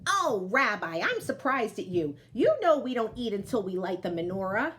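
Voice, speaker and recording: A woman's voice: medium pitch, big pitch swings, moderate pace, fairly bright tone. A woman reading a storybook aloud, voicing a kindly, hospitable 97-year-old grandmother who sees and hears poorly. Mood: cheerful hostess. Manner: fussing, hospitable, chatty.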